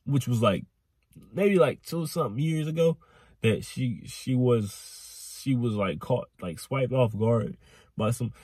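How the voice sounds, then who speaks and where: A man's voice: medium pitch, a little slow, slightly rough, dry recording, clean studio sound. A young man rambling through a storytime vlog, repeating himself and dropping slang as he goes. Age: young adult. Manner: animated, rambling, repetitive slang. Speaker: vlogger.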